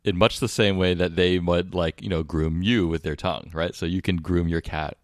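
A man's voice: deep voice, fairly even intonation, moderate pace, dry recording, clean studio sound. A man co-hosting a podcast in casual chat, hesitant and thinking aloud with fillers. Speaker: podcast co-host.

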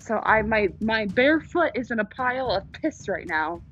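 A woman's voice: fairly high pitch, lively intonation, moderate pace, hardly any pauses, fairly bright tone, lo-fi sound. A young woman ranting to camera, angry, sarcastic and swearing, while in pain from cramps.

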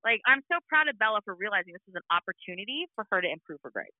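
A woman with a Valley girl way of speaking chats casually about family life, with lively, swooping pitch. She comes through a thin, phone-like line that sounds close and dry. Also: racing, no echo. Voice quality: Valley girl speech style. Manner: animated storytelling, mimics voices. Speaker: parent. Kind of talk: casual chat.

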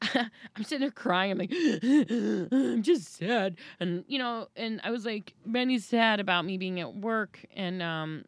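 A woman in her thirties chatting casually as a podcast host, telling a story and acting out quotes with sudden high-pitched jumps. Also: moderate pace, fairly bright tone, no echo. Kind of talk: casual chat.

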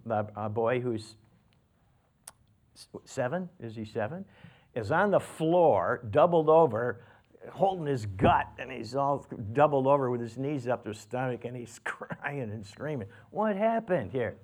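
A man's voice: medium pitch, animated, a little slow. Folksy older man preaching a story. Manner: folksy, rambling storyteller with many restarts and fillers. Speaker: pastor. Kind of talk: sermon with a personal story.

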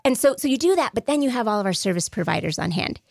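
A woman speaks as an interview guest with a gravelly, creaky edge to her voice. She tells earnest, animated stories and leans on emphatic repetitions. The sound is close and dry. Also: a little high, fast talker, no echo. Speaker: guest, former head of a state child welfare agency.

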